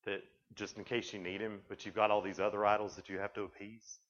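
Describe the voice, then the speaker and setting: A man's voice: lowish voice, flat delivery, quick pace, fairly bright tone. Man preaching in a rambling way. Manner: rambling storytelling, frequent restarts. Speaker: youth camp speaker. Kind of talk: sermon. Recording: dull lo-fi recording.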